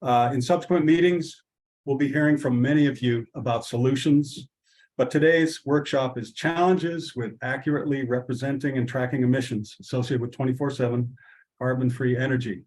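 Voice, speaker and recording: A man hosting an online workshop, giving measured opening remarks with fillers and restarts. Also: medium pitch, fairly even intonation, a little mellow, low-quality recording. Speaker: workshop host.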